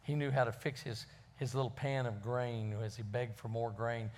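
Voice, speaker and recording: A man's voice: medium pitch, steady tone, moderate pace. Folksy preacher man. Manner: folksy, storytelling, with fillers. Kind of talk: sermon with storytelling.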